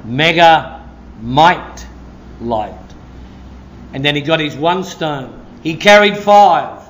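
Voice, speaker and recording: A man preaching a sermon as a pastor, telling stories with a lively delivery and breaking into shouts of praise. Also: a little high, slow.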